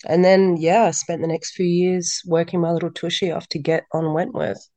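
A woman, a podcast guest telling stories in a lively way and acting out dialogue. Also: on the low side, moderate pace, dry recording. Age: 30s. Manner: lively storyteller who acts out quoted dialogue. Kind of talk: casual interview chat.

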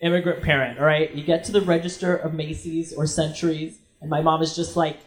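A man from Brooklyn doing profane, animated stand-up comedy on a club stage. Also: on the high side, brisk. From Brooklyn, New York. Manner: brash, profane, animated storytelling. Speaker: stand-up comic. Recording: crowd noise from live audience. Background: audience laughter.

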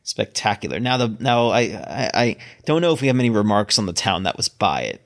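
A man from Maryland co-hosting a casual chat podcast, talking in a rambling way with halting restarts. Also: on the low side, sing-song, creaky. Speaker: podcast co-host.

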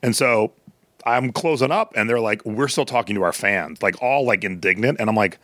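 Middle-aged male podcast co-host, lowish voice, dry close sound, animated storyteller. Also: normal speed, no echo. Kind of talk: casual chat.

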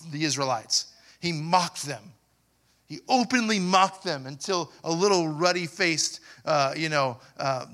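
A man preaching a sermon as pastor, asking the congregation questions and building to loud, emphatic passages. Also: on the high side.

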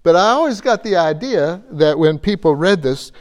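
A man's voice: on the high side, animated, normal speed. A man preaching a conversational sermon, earnest, asking his listeners questions and repeating phrases for emphasis.

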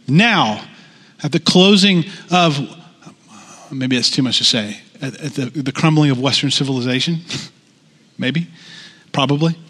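Male pastor, slightly high voice, conversational sermon that builds, long hall reverb. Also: a bit bright. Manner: conversational preaching with rising intensity and repeated phrases.

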